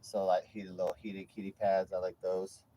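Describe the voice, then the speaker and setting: A man vlogging casually while caring for his cat, rambling and swearing freely, then easing into soft, coaxing talk for the pet. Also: deep voice, little pitch movement, normal speed, slight background noise, rough recording.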